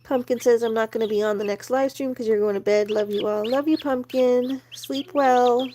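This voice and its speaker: Lady chatting on her livestream, kinda high voice, baby chicks chirping in the back, noisy. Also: fairly even intonation, moderate pace, warm tone. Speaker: livestream host. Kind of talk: casual livestream chat. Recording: noticeable background noise.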